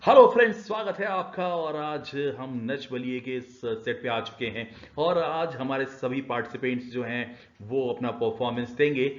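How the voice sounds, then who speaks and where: A bouncy male TV anchor, as a man puts him on, racing through an energetic welcome. The room echoes noticeably. The recording sounds a little muffled. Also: mid-range voice, lightly acted. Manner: rapid, energetic show patter. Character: upbeat male TV reality-show anchor. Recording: roomy, slightly dull lecture recording.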